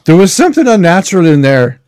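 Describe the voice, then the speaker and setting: Man, game player, animated pitch, dry close sound, casual talk. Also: fast talker, clean tone, no room sound.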